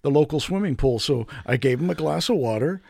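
Deadpan podcast co-host, man, gravelly mid-pitched voice, close dry recording. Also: brisk, no room sound. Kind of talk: casual chat.

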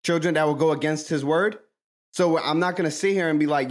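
Guy on a faith podcast preaching forceful, repeats his points, voice a bit high. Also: brisk. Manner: forceful, repetitive emphasis. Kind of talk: preaching-style faith talk.

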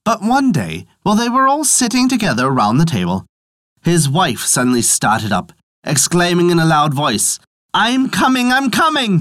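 A storyteller reads an old folk tale with a hugely lively melody, rising and falling through every sentence. The sound is dry and close, with no room around it. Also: moderate pace, dry recording. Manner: animated storytelling with wide pitch swings. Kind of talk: scripted narration of a folk tale.

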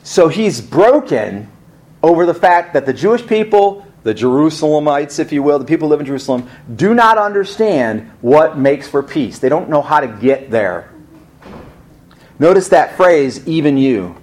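A man's voice: fairly high pitch, big pitch swings, moderate pace, a little mellow. Conversational male pastor preaching. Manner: conversational, rhetorical questions, emphatic rises. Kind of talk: sermon.

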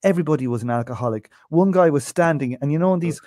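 A man's voice: on the high side, fast talker, warm tone, no room sound, studio quality. An Irish man co-hosting a podcast, swearing freely and spinning anecdotes in casual chat. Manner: profane anecdotal storyteller. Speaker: podcast co-host.

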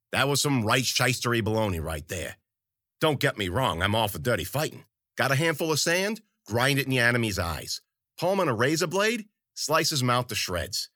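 A man's voice: mid-range voice, sharp tone, no echo, studio quality. A man narrating a story in the first person, crude, rambling and full of profane slang.

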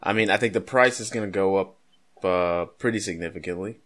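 Low-voiced male co-host, loose and jokey, rambling delivery. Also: a little fast, fairly bright tone. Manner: joking, rambling, pop-culture asides. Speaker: podcast co-host. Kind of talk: casual chat.

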